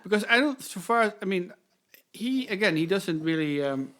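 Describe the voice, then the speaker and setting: Halting, bit higher-voiced man chatting. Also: expressive, fairly bright tone. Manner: halting, many restarts, mock-dramatic recitations. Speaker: podcast host. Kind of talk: casual chat.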